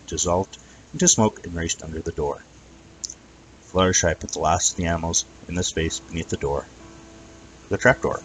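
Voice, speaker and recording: A man reading a fan fiction story aloud as narrator, with an even storytelling manner and some stumbles. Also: deep voice, moderate pace, long pauses, slight background noise, rough recording.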